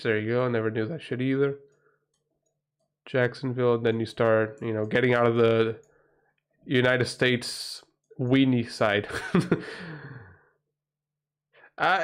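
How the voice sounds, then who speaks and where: A man's voice: mid-range voice, normal speed, long pauses, clear, resonant tone. A man from Portugal with a Portuguese accent, a livestream host in a rambling, profane, casual chat who often breaks into exclamations.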